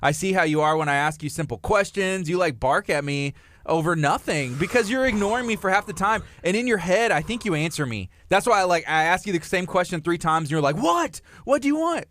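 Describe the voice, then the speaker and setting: A man's voice: fairly high pitch, fairly quick, a little hiss or hum. A man in his thirties co-hosting a morning radio show, chatting casually and teasing his partner. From Texas. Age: 30s. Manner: teasing, chatty, rising to excited emphasis. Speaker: radio co-host. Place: radio studio.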